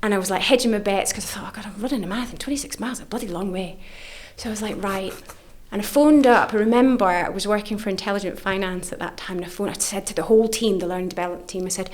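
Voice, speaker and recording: A middle-aged woman, an author and coach, chatting in a podcast interview. She tells her stories with real animation, acting out the other people in them. Her pitch swings high for the quoted lines. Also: fast talker, hardly any pauses. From United Kingdom. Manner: animated, acts out quoted voices with big pitch jumps. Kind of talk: lively storytelling in an interview.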